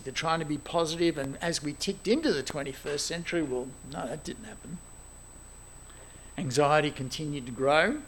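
Aussie guy preaching, fairly high voice, loud bits then hushed asides. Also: a little hiss or hum. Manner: animated, exclaiming, shifts between loud emphasis and quiet asides. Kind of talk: sermon.

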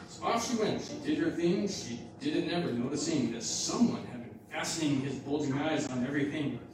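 A man's voice: on the high side, expressive, brisk, hardly any pauses. Brief: male storyteller, singsong rhyme; far from mic, big reverb, noise. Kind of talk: rhyming storybook narration. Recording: echoey hall from far off.

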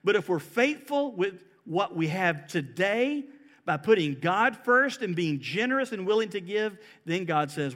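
A man preaching a sermon as a pastor, earnest, rising to emphatic peaks and then dropping soft. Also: high-pitched, big pitch swings, measured pace.

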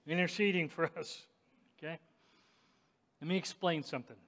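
A man preaching a sermon, speaking emphatically and directly to the congregation and rising to shouts at times. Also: a little high, fairly even intonation, normal speed. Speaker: pastor. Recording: long echoing reverb of a large hall.

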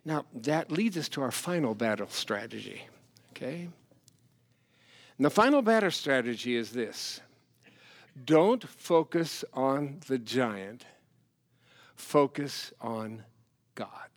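A man preaching a sermon as pastor, animated, swinging from loud emphasis to hushed asides. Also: mid-range voice, slow pace, long pauses.

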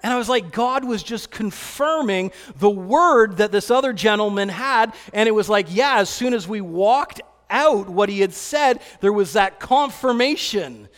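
Man, pastor, high voice, conversational sermon, long hall reverb. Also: measured pace, hardly any pauses. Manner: relaxed, storytelling, with fillers and restarts.

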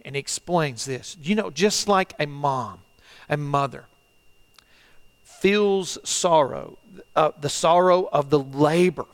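In a slightly high voice, a middle-aged man preaches as pastor for a church's online service. His delivery is sincere yet halting, full of repeated phrases and swings from loud to quiet.

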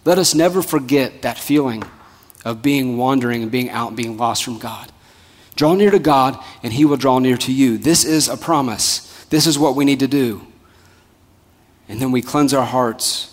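A male pastor delivering a sermon in a rhythmic, repetitive style, swinging from loud emphasis to soft, hushed lines. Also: mid-range voice, normal speed. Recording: long hall reverb.

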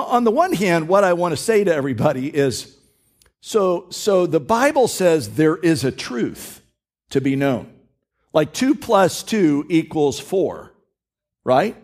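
A man preaches from a church stage in an easygoing, conversational way. His pitch swings widely as he reads verses and unpacks them, often doubling back on his words. It is a talk-like sermon, not a shouted one. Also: measured pace. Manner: animated, repeats words while reading and explaining scripture. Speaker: pastor.

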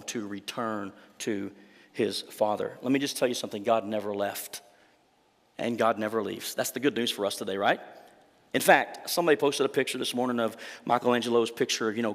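A male pastor delivering a sermon in an emphatic, conversational way, often tossing rhetorical questions to the congregation. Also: mid-range voice. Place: church sanctuary. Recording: reverberant church hall.

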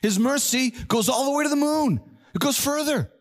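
An older man preaching a sermon as pastor, emphatic, slowing down and repeating key words to drive them home. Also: extremely high pitch, expressive.

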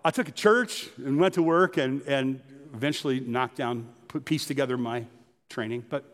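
A pastor telling personal stories in a conversational sermon. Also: male voice, mid-range voice, moderate pace, in a large hall. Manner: storytelling, conversational.

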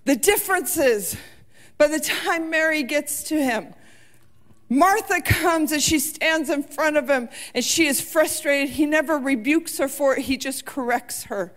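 A woman's voice: sits high, a little slow. Impassioned woman preaching a sermon. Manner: impassioned, shouting and near tears at peaks.

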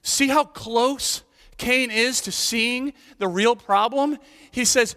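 A man preaching a sermon, emphatic and animated, his voice climbing high when he quotes. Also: a little slow. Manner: emphatic, rising to near-shouts on quoted lines. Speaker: pastor. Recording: long hall reverb.

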